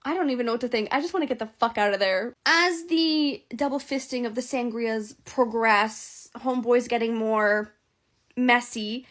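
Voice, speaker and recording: A young woman tells a short dating horror story in a casual storytime, blunt and wry. Her voice sits high. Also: moderate pace, a bit bright.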